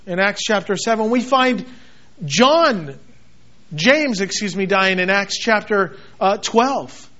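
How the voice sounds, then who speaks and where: A man preaching a sermon as a pastor, swinging from loud, emphatic outbursts to quiet, intense passages. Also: sits high. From United States. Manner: dramatic, shifts between shouting and quiet intensity. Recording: dull lo-fi sound.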